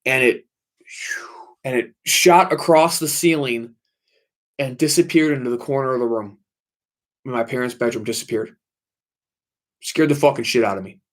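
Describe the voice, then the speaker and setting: A man's voice: medium pitch, normal speed, long pauses. A man hosting a late-night livestream, telling a ghost story in an intense, repetitive way, swearing often. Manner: intense, swearing, repeats himself for emphasis. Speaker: livestream host.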